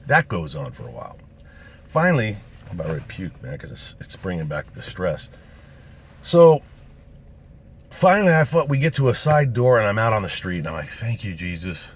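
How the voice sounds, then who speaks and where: A man's voice: lowish voice, brisk, pauses often, husky. A man casually telling a true story of his own, swearing constantly and acting out what other people said. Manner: animated, acts out quotes of other people.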